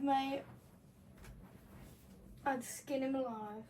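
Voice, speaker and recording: A woman's voice: high-pitched, fairly quick, slight background noise. A young woman co-hosting a casual chat, reading confessions aloud with playful, teasing outbursts. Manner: playful, teasing, bursts into loud laughter and shouts. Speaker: co-host.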